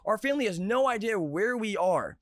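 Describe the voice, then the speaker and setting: Upbeat, fairly high-voiced male podcast host. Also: brisk, no echo, studio quality. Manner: energetic, joking. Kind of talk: casual storytelling chat. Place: restaurant bar.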